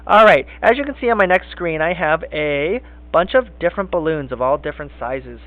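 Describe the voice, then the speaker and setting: A man teaching a kindergarten phonics lesson, speaking slowly and encouragingly in sing-song teacher talk. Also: fairly high pitch, lively intonation. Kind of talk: recorded classroom phonics lesson. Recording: tinny phone-like lo-fi sound.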